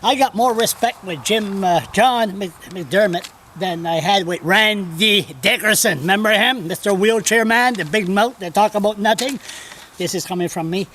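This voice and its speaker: A man's voice: sits high, normal speed, fairly bright tone, a little hiss or hum. A male blogger talking off the cuff to a camera someone else holds, rambling, blunt and digressive, with some swearing. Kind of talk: off-the-cuff video commentary. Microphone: camera held by another person.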